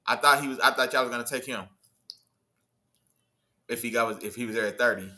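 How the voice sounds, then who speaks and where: A man hosting a casual sports livestream, talking in loose slang, riffing and answering his chat in an animated way. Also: medium pitch, fairly quick. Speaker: livestream host.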